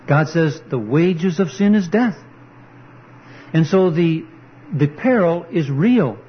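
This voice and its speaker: A man's voice: sits high, animated, slow, husky. A man preaching an earnest, emphatic sermon, quoting scripture as he goes. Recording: dull lo-fi recording.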